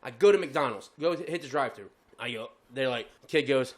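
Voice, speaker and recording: Man, podcast co-host, casual storytelling, profane, lively pitch, acts out voices. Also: fairly quick.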